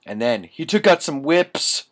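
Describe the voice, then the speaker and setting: A man's voice: fairly high pitch, very animated, unhurried, no room sound. A young man doing a comic reading of a bad story, mocking and swearing at the text. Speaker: reader.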